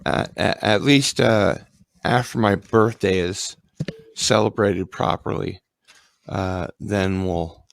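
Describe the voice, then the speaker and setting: A man's voice: on the low side, slow, creaky, dry recording. A man hosting a casual livestream chat, rambling with ums and restarts. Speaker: livestream host.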